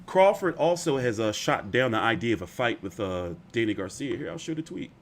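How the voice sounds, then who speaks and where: A man's voice: mid-range voice, sing-song, a little fast. Guy with ranting about boxing, rambling and cussing, talks to his viewers. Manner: opinionated, rambling, profane. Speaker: boxing commentary host. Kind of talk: casual boxing commentary.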